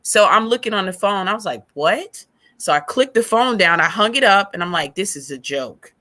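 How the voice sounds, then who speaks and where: Woman guest, bright voice, acts out what everyone said. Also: medium pitch, quick pace. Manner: animated storyteller acting out past conversations. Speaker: podcast guest. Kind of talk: emotional personal testimony.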